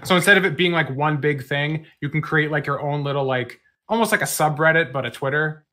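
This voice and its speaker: A man's voice: a little high, a little fast, bright, forceful tone. A man co-hosting a podcast, telling an anecdote in a laid-back way with many fillers. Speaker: podcast co-host. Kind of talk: casual chat.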